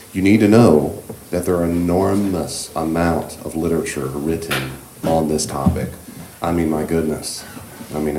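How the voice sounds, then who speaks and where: A man leading a church class on grief, speaking in a gentle, reassuring, conversational way with many fillers. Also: very deep voice, echoey room, a little hiss or hum. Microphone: room microphone.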